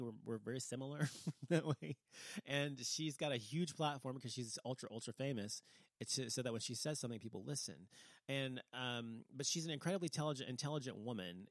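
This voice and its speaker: A man's voice: medium pitch, a bit bright, no echo. A man giving a casual opinion monologue, rambling and heated, swearing freely and restarting his sentences a lot. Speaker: vlogger. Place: lives in Dallas, Texas.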